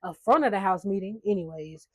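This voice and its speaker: A woman's voice: mid-range voice, a little fast, no echo. A woman giving a casual reality-show recap, chatty, blunt and sarcastic, swearing freely. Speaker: recap vlogger.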